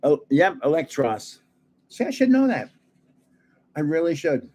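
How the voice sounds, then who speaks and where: With big swings in pitch, an older man with a fairly high, slightly mellow voice talks a little slowly as he hosts a card-collecting livestream. He opens packs, chats casually and chuckles at his own card-name guesses.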